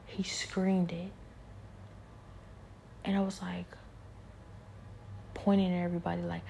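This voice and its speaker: Low gravelly woman half whispering her faith story, flat and dark, faint hiss behind. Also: moderate pace, long pauses. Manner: hushed, often whispering, rambling. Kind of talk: personal spiritual testimony.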